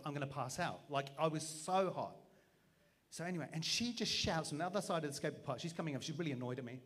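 A man in his forties tells a comic personal story as a preacher. He pitches his voice a little high and bounces between his own narration and acted-out voices, laughing at himself as he goes. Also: breathy edge. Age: 40s. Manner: animated, self-mocking storyteller acting out voices. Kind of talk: storytelling sermon.

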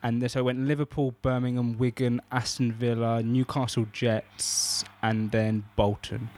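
A man as a podcast guest, deadpan and dry, rattling off facts in casual chat. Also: mid-range voice. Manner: deadpan, quick with trivia.

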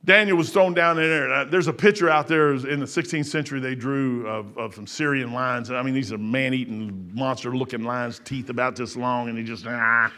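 A middle-aged man preaching a sermon in a folksy, emphatic way, repeating phrases and swinging between raised passages and quiet asides. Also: medium pitch, fairly quick, few pauses.

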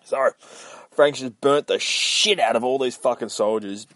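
A man's voice: medium pitch, a little slow, fairly bright tone, no room sound. A man hosting a podcast, recapping a comic book in a profane, rambling, self-mocking way. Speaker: podcast host.

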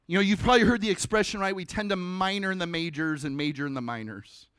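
Animated preaching man, dry close sound. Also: sits high, quick pace, smooth, dry recording. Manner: animated, conversational preaching with sudden drops to a hush. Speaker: pastor. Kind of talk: sermon.

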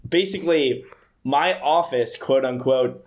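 A man's voice: mid-range voice, a little slow. A man co-hosting a casual podcast, telling stories with a giggly, self-mocking manner. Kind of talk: casual storytelling chat.

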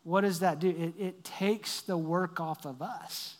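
A man preaching a sermon as pastor, emphatic, repeating phrases to build up and swinging between loud and hushed delivery. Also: high-pitched, fairly even intonation, a little slow. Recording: long reverb of a large hall.

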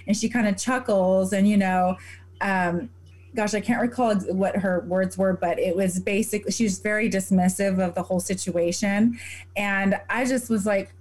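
A woman co-hosting a casual podcast, chatty and expressive, sometimes searching for her words. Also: medium pitch, moderate pace. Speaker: podcast co-host.

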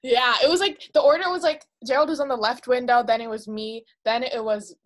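A teenage girl with a high, bright-pitched voice tells a story to her friends in a casual chat. She talks in an excitable, breathless rush and gasps as she retells her panic. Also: a little fast. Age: teens.

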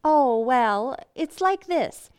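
A sweet patient wife, high lively voice, calls everyone dear, old radio play. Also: female voice, very slow, smooth, full character voice. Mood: gentle. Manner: gentle, soothing, calling people dear. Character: patient, sweet-natured young wife and mother. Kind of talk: 1940s radio acting.

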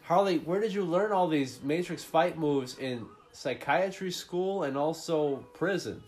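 A man's voice: fairly high pitch, unhurried, a little mellow. A man with a slightly raised voice hosts a casual movie podcast. He swears freely and riffs sarcastically on the plot. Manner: profane, joking, mocking the plot. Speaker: podcast host.

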